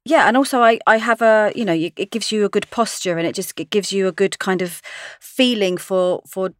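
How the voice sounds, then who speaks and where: A woman's voice: mid-range voice, brisk, no room sound, studio quality. A woman, an actress, chatting in an interview, laughing often as she tells stories. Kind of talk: casual interview chat.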